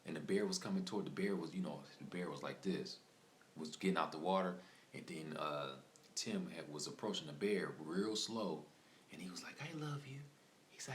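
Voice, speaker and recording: A man live streaming, telling a story in a casual, rambling way, repeating himself and filling his talk with "like" and "man.". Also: low voice. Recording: echoey room with faint ambient noise.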